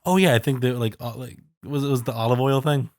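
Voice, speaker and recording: A man's voice: mid-range voice, steady tone, quick pace, a little mellow, no room sound, studio quality. A man co-hosting a movie podcast, chatting in a jokey, offhand way. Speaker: podcast co-host. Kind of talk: casual film discussion.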